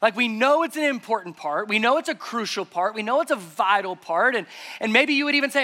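A man's voice: very high voice, lively intonation, brisk, bright, forceful tone. A man preaching a sermon to a congregation in an emphatic, conversational way. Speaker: pastor. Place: church service before a congregation.

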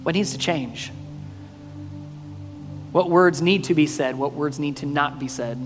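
A male pastor preaching a sermon, mostly earnest and quiet, breaking now and then into loud, playful bursts. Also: a little high, unhurried. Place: church sanctuary. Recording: long reverb in a hall, faint music.

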